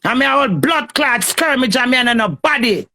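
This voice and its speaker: A woman's voice: high voice, very animated, moderate pace, creaky, bright, forceful tone. A Jamaican woman in a heated, cursing, confrontational rant on a phone live stream.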